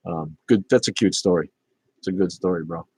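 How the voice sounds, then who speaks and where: The voice is low and a little fast, with a faint hiss or hum underneath, belonging to a man in his fifties reading chat as he hosts a casual livestream. He wanders along easily, filling gaps with plenty of fillers.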